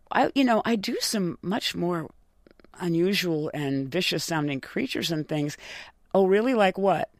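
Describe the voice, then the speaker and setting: A woman talks in a relaxed interview, spinning lively anecdotes and laughing as she goes. Her voice is close and dry, with no room sound around it. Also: sits low, no room sound. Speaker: voice actor guest. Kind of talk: casual interview chat.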